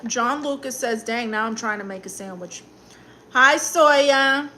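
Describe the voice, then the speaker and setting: A woman's voice: fairly high pitch, unhurried, bright, forceful tone, a little hiss or hum. A woman with a Brooklyn accent hosting a casual live stream as a comedic aunt, chatting sassily and answering the chat while she eats. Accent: New York, Brooklyn.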